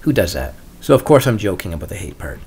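A middle-aged man hosting a solo podcast, talking in a wry, deadpan way with sarcastic asides. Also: low-pitched, quick pace, breathy edge. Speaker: podcast host.

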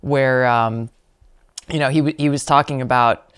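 A woman hosting a candid conversation, speaking in a calm, measured way with brief affirmations. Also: very deep voice, clear, resonant tone, no room sound, clean studio sound. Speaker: host.

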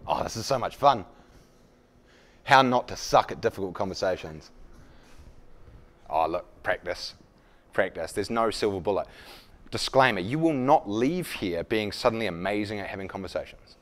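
A man's voice: fairly low pitch, very animated, moderate pace, fairly bright tone. A man leading a live leadership workshop, talking conversationally to the room and acting out example dialogues. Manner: conversational, self-deprecating, acts out dialogues. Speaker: leadership speaker.

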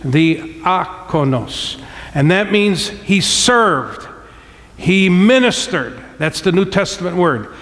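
A man pastor preaching a sermon, emphatic, slowing down to stress key words and calling for amens from the congregation. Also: high voice, animated, fairly bright tone. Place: church sanctuary. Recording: long hall reverb from church sanctuary.

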